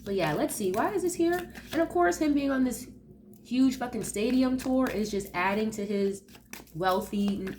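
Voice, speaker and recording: This tarot reader, nasal from allergies, chats through a casual reading in a fairly high, slightly mellow voice with lively intonation at normal speed. She rambles loosely with plenty of fillers and asides; there's slight background noise.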